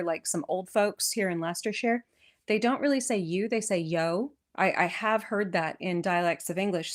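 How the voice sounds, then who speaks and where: A woman with a West Coast American accent hosting a podcast. She reads an old poem aloud, then chats about its history in a lively, enthusiastic way with frequent restarts. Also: mid-range voice. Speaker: podcast host. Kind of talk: poetry reading and casual history chat. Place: lives in England.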